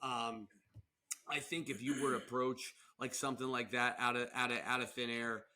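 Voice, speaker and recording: A man's voice: medium pitch, level tone, normal speed, sharp tone. A man co-hosting a podcast in casual, rambling chat, often breaking into silly put-on voices. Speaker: podcast co-host.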